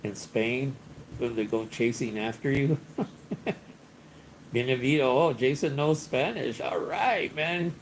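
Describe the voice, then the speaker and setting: Male livestream host, slow and easygoing, chatty, laughs a lot, light room hum behind him. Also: mid-range voice, rough recording. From Los Angeles, United States. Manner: chatty, laughs often, mixes in some Spanish. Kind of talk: casual live-stream chat reading viewer comments. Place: hotel room.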